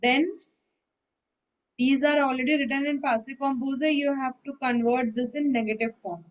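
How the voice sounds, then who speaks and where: A woman's voice: sits high, fairly even intonation, normal speed, rough recording. A woman teaching French in an online lesson, explaining patiently and often checking that her student understands. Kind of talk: online one-on-one language lesson.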